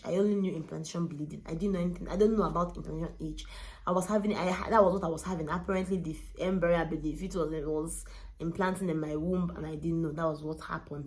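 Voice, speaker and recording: A young woman, candidly telling a personal story as a vlogger. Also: low-pitched. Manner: candid, emotional, retelling with quoted dialogue.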